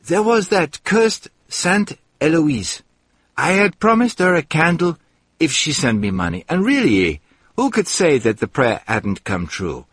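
A man's voice: a little high, fairly bright tone, slightly rough, no room sound. A man reading a first-person story aloud in a dry, wry storytelling manner. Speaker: narrator. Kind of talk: first-person audiobook narration.

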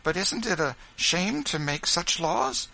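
A man voicing an eager, outspoken young Quaker boy in a storybook reading, raising his voice high above his own. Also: expressive, a little slow, vocal fry, bright, forceful tone, full character voice, low-quality recording. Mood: earnest.

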